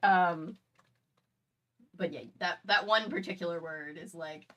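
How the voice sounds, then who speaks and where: A woman's voice: fairly low pitch, measured pace, distant mic. Chatty American woman telling stories. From United States. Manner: rambling, apologetic, animated when telling stories. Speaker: podcast host. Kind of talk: casual chat.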